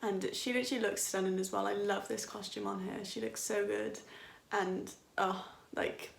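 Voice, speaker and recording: A woman's voice: mid-range voice, little pitch movement, normal speed, creaky, roomy sound, a little hiss or hum. A young woman in her twenties talking casually as a dance reaction vlogger, enthusiastic and rambling, laughing often.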